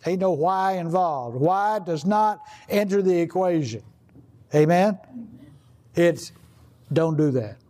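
A man's voice: high-pitched, slow pace, mellow. An older man preaching a sermon in a rambling, conversational way, full of "you know" and restarts. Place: outdoor gathering.

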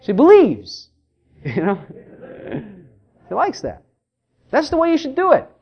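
A middle-aged man preaching a sermon in a church, animated, acting out the voices of churchgoers he quotes. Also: very high voice, a little slow, highs cut off. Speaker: pastor.

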